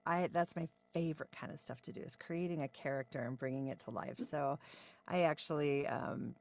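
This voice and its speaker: A woman in her forties with a low voice talks about her voice-over work as an interview guest. She sounds upbeat and chatty, with plenty of ums. Her delivery stays easygoing and conversational. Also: normal speed, gravelly. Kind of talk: podcast interview.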